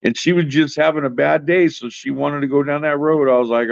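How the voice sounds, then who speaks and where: A man's voice: on the high side, steady tone, brisk, creaky, dry recording, dull audio. Profane man telling a brash story. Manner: profane, boastful, laughs often, acts out both sides of quarrels. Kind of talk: casual storytelling chat. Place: home, in Oregon.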